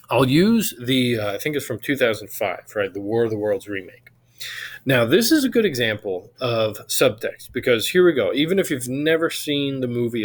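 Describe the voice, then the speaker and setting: A man lecturing on literature in a conversational way, often checking in with "right?" and stressing key words. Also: medium pitch. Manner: animated emphasis on key words.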